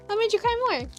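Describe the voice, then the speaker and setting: Chatty high-voiced woman, unhurried. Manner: chatty and upbeat, laughs often, answers chat questions. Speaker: craft livestream host. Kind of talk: casual chat with live chat while crafting.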